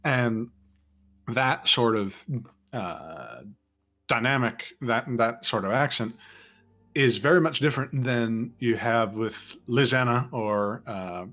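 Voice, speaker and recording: Brief: man podcast host, mid-range voice, thoughtful and halting. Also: medium pitch, expressive, a bit bright. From East Texas, US. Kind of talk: casual chat.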